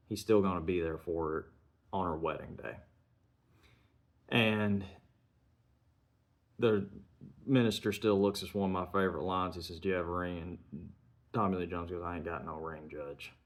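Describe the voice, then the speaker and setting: A man reviewing a film, retelling its scenes in an earnest, measured way and chaining sentences with "and". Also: low-pitched.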